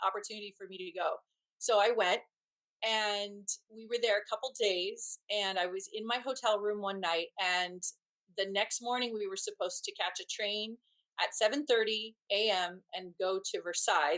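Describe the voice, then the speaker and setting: On a roughly recorded podcast, a middle-aged female guest shares a personal story in an earnest, stop-and-start way, restarting often. She speaks at medium pitch with a fairly bright tone.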